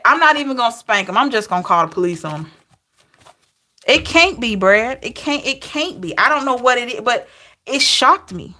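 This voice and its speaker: A woman tarot reader banters casually with her live-stream viewers, laughing and answering them by name with long, incredulous exclamations. Her voice sits a little high, pushed and bright.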